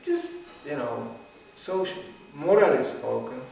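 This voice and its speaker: An older man giving an informal religious lecture in a theatrical, animated way. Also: mid-range voice, a little slow, gravelly, slight background noise. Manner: animated, theatrical, acts out voices. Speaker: spiritual teacher. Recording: echoey room, mic at a distance.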